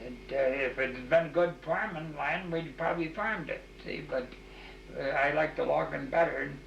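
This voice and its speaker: A man's voice: on the high side, normal speed, creaky, a bit bright, a little hiss or hum. An older man telling rambling, folksy stories in an oral history interview, full of restarts and "you know". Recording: echoey, dull 1989 tape recording.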